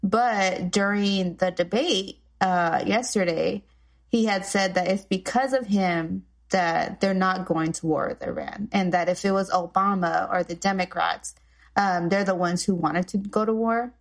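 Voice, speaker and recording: A woman co-hosting a casual political chat podcast, laughing often and jumping in with quick remarks. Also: medium pitch, gravelly. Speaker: podcast co-host.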